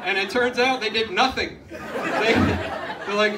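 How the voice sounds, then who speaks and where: Male emcee, teasing roast jokes, high-ish voice, distant, noisy crowd. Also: steady tone, slow. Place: hall at a retirement party. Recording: distant recording in a hall with crowd noise.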